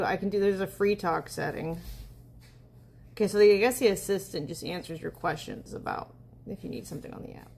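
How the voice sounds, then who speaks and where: A woman's voice: on the low side, creaky, slight background noise. A woman live-streaming in a casual, chatty way, talking aloud as she tests an app.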